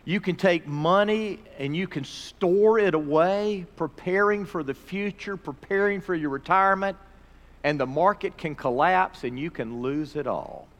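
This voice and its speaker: A man pastor preaching a sermon, rising to emphatic peaks and dropping to quiet, earnest pleas. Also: sits high, unhurried. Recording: reverberant hall recording.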